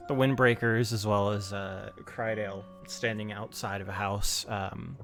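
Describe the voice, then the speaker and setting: Game master, male, lowish voice, relaxed scene-setting with frequent ums. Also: music in the background. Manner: unhurried narration with many fillers. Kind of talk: narrating a tabletop game.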